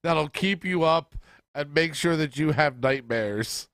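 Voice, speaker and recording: A man's voice: on the high side, a bit bright, dry recording. Ranting, argumentative podcast man. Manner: argumentative, swearing, rapid rants. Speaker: podcast co-host. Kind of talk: casual chat.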